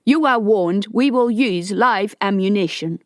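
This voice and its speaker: A woman's voice: mid-range voice, a little slow, no echo, studio quality, lightly acted. A woman voicing a cold male announcer in an audiobook, giving formal, stern warnings. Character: cold official announcer man. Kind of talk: audiobook character voice.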